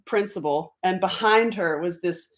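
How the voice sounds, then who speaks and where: A woman's voice: fairly low pitch, unhurried. A woman chatting on a casual livestream, laughing often, greeting viewers by name and jumping from topic to topic. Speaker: livestream host.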